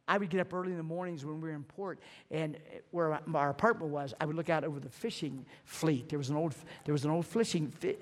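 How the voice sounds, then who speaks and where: A middle-aged male pastor delivers a sermon in a fairly high voice. He tells stories in a loose, conversational way with many restarts, then reads scripture with strong emphasis. His voice carries a long reverb from a large church hall. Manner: conversational storytelling with frequent restarts, rising to emphatic scripture reading.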